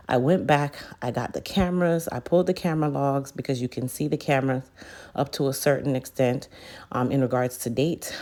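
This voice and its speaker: A woman's voice: very deep voice, a little mellow. A woman in her thirties, a hair care business owner, chatting straight to her viewers in a casual storytime vlog. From United States. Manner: chatty, addresses viewers directly.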